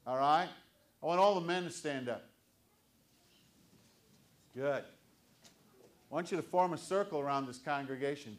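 An older man, a pastor, preaching an earnest, conversational sermon to his congregation. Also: on the high side.

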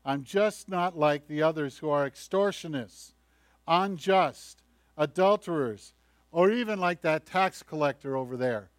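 A man's voice: fairly high pitch, measured pace, no echo, natural voice. A male preacher voicing a boastful, self-righteous man praying proudly to himself. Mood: smug.

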